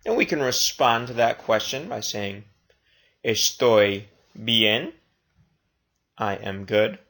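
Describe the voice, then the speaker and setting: A man teaching a recorded language lesson, speaking slowly and deliberately and repeating each phrase twice. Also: fairly low pitch, lively intonation, a bit bright. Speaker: Spanish teacher.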